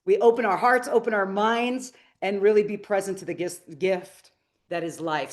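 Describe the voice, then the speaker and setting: A middle-aged woman speaks to a live audience with earnest, inspirational warmth. She tells a personal story and stops to ask the listeners questions. Her voice sits at an ordinary middle pitch for a woman. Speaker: motivational speaker. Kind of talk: live masterclass talk to an audience.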